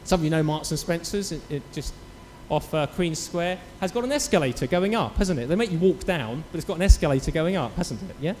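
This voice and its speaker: Man, church preacher, animated sermon storytelling, bright high pitch, faint room ambience. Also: brisk, hardly any pauses, in a large hall, slight background noise. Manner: animated storytelling with acted quotes. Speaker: pastor.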